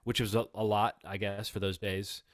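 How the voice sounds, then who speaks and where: A man's voice: fairly low pitch, little pitch movement, normal speed, dry recording, clean studio sound. A man in his forties chatting thoughtfully as a podcast co-host reviewing a film, often restarting his sentences. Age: 40s. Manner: thoughtful, reflective, many restarts. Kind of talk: casual film review chat.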